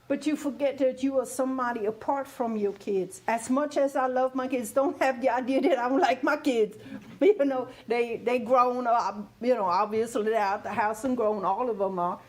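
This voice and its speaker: A woman's voice: high voice, a little mellow. A woman in her fifties, from Germany, telling personal stories candidly on a talk show, laughing often and checking that she is understood. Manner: candid, laughing, repeats "you hear what I'm saying".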